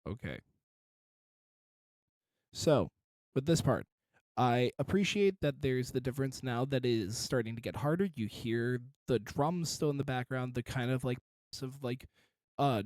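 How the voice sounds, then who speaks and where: A man's voice: mid-range voice, lively intonation, moderate pace, a little mellow, no echo. A man reviewing a song in casual commentary, encouraging and detailed about vocal technique.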